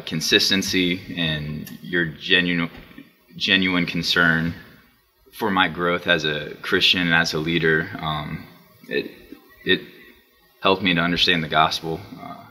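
A man giving a halting, sincere thank-you to his former youth pastor, full of pauses and fillers. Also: deep voice, bright, forceful tone. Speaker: former student, now in ministry. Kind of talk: heartfelt video tribute.

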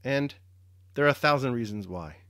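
A man voicing a gentle, sorrowful young noblewoman in a dramatic reading, giving her lines earnest feeling in his own low voice. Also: very animated, a little fast, dry recording, clean studio sound, natural voice. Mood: wistful. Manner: earnest, emotional reading of a female role in the reader's own low voice.

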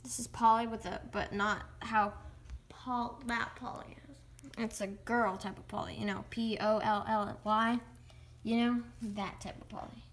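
A woman's voice: on the high side, fairly even intonation. A young girl chatting casually about her pets, rambling and restarting often. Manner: rambling, halting, full of restarts. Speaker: vlogger. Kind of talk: casual pet vlog.

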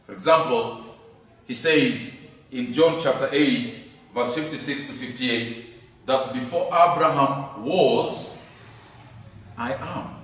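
A man's voice: mid-range voice, slow pace, pauses often, fairly bright tone. A man teaching a lesson on scripture, speaking emphatically, repeating key phrases and asking rhetorical questions. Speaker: Bible teacher. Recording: echoey hall from far off.

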